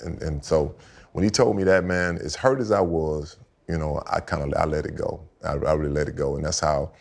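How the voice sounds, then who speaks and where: A deep, gravelly older man tells long stories in a relaxed chat. He repeats phrases for emphasis and acts out what others said. His speech is casual and loose. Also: brisk. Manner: animated storyteller, repeats himself, acts out quotes. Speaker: guest, retired football player. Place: house set for a podcast.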